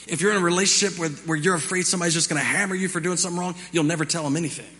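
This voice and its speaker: High-voiced male pastor preaching in a hall. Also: racing, sharp tone. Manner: conversational, repeats phrases for emphasis. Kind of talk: sermon. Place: church hall. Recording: reverberant hall with music behind.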